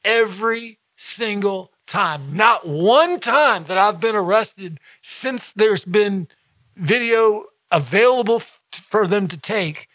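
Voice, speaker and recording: A man with a high, bright, ringing voice, talking as a comedian guest on a podcast. He swears constantly and hammers his points home by repeating them. He breaks into laughter between sentences. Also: animated, takes it slowly, dry recording. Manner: profane, blunt and emphatic, heavy swearing; repeats himself for emphasis, laughs mid-sentence. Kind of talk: casual podcast conversation.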